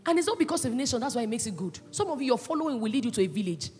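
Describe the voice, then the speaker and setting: A woman pastor preaching a sermon with passion, swinging between loud cries and hushed asides. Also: a little high, sing-song, racing. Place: church hall. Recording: echoey church hall, with faint music.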